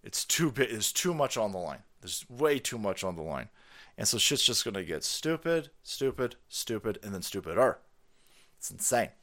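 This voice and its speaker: A man ranting on a live stream, loud, profane and mocking, slipping into sarcastic voices. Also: fairly low pitch, very animated, moderate pace.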